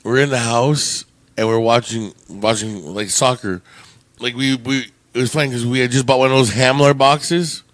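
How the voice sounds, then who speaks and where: A man's voice: medium pitch, fairly even intonation, moderate pace, a bit bright, no room sound. A man co-hosting a podcast, telling a long rambling story in casual, profane chat with frequent laughs. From Canada. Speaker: podcast co-host.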